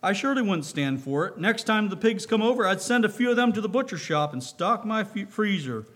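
A cocky young man who speaks with hot fervor and easy bluster, his voice pitched a little high, as a preacher reads him. He sounds sure of himself in a storybook way. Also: very animated, brisk, fairly bright tone, exaggerated voice. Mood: boastful. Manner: fervent, boastful. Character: brash boastful young man.

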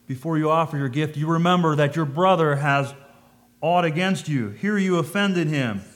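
A man giving a conversational sermon, thinking aloud, asking his listeners questions and reading scripture in old-fashioned wording. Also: on the high side. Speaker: preacher.

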